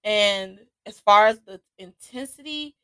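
Slow, reflective woman podcast host. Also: medium pitch, bright, forceful tone, clean tone, dry recording. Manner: slow, reflective, with restarts and laughter. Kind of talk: casual solo podcast talk.

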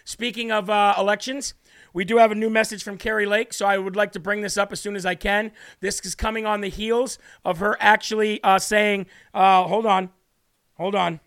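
A man hosting a talk show, ranting loudly and emphatically through political commentary with indignant outbursts. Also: high-pitched, little pitch movement, moderate pace, smooth.

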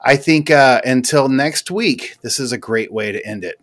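A man's voice: medium pitch, normal speed, a bit bright. A man hosting a casual podcast chat, joking and profane as he runs the show. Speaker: podcast host.

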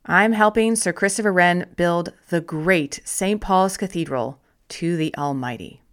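A woman's voice: on the low side, a little slow. A woman voicing a proud, devout male cathedral builder who speaks solemnly and reverently.

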